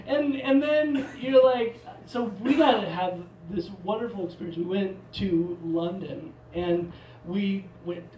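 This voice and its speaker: A man's voice: high-pitched, a little mellow, slight background noise. A man from Portland doing a stand-up comedy set, rambling and self-mocking with many restarts. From Portland, Oregon. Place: theater stage. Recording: live theater mic, roomy, from a distance.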